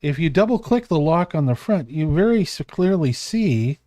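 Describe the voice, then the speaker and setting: A man's voice: on the high side, big pitch swings, normal speed, dark tone, no echo. A man running a tabletop game as game master, narrating in a meandering, self-correcting way.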